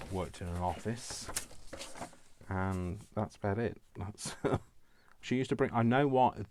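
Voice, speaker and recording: A man's voice: deep voice, a little hiss or hum. A middle-aged man hosting a casual crafting tutorial, rambling and mocking himself with chuckles.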